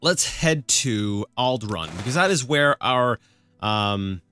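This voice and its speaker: A man's voice: medium pitch, animated, takes it slowly, bright, forceful tone, clear, resonant tone, faint music behind. A man casually commenting on his gameplay as host, rambling and often stammering over repeated words. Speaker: let's play host.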